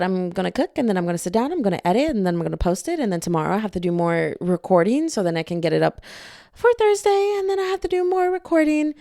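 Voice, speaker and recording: A woman hosting her own podcast, chatting casually and excitedly about a book she loves. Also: mid-range voice, creaky, no room sound, studio quality. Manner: animated, gushing, laughs often. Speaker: podcast host.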